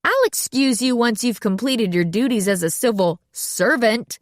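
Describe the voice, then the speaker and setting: A woman voices a blunt, fiery female chef, sounding indignant as she snipes in a curt, sharp manner. Her medium-pitched delivery is animated at a normal speed, pitched above her own voice yet still natural. The studio sound is clean and dry.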